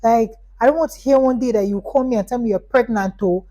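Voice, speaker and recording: A woman's voice: on the high side, fast talker, dark tone, pitched above the performer's own voice, close to an everyday voice. A woman voicing a stern, protective mother who scolds a teenage girl. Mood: scolding.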